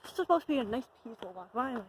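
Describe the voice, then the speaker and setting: A young woman vlogs into a handheld phone as she walks a wooded trail, a little out of breath. Her voice sits slightly high, and she sounds jumpy and nervous, giggling and trailing off between thoughts. A faint outdoor hush runs underneath. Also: animated, rapid-fire, noisy background. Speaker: vlogger. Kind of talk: casual chat to camera while walking.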